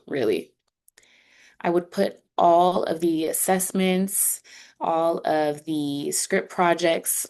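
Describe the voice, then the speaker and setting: A woman's voice: low voice, darkish tone. A woman speaking for a sign language instructor, walking students through an online course in an upbeat, conversational way. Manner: conversational, upbeat, explaining step by step. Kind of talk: online class walkthrough.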